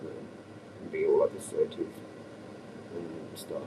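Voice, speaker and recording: A man's voice: very deep voice, little pitch movement, measured pace, recorded from a distance, background noise. An Australian man rambling and ranting on a livestream, profane and agitated.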